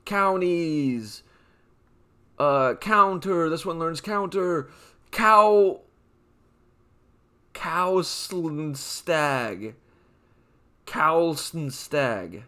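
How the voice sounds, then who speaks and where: Young man, fairly high and crisp, for a comedy list-read: stretch each name, then rattle off the punchline. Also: pushed and bright. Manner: rambling punny asides between names; drawn-out name reads with quick offhand quips. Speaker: comedy channel host. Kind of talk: comedic list-reading of nicknames.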